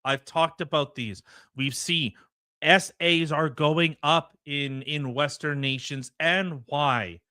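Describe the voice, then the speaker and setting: Male podcast host, indignant commentary, restarts a lot; bright tense voice, slightly high, dry. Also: takes it slowly, no echo. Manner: indignant, heated, stammering restarts. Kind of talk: opinionated commentary.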